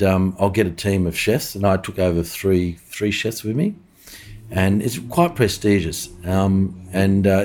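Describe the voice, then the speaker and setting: A middle-aged Australian man with a very deep voice talks as a podcast guest. He rambles through anecdotes, stopping and restarting sentences and leaning on fillers. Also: a little mellow, slightly rough. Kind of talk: casual interview storytelling.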